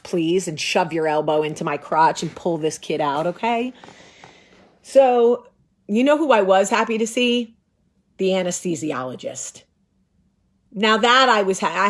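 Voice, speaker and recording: A woman in her forties, the host, telling a story in a lively, sarcastic way and acting out the voices of the people in it. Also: on the low side, normal speed. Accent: New Jersey. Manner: animated, sarcastic, acts out voices. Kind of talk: casual storytelling.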